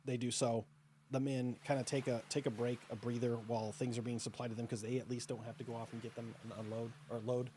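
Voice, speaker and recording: A man running a tabletop game as game master, narrating in a relaxed, descriptive way. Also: mid-range voice, fast talker, a little hiss or hum. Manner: relaxed, descriptive, many fillers.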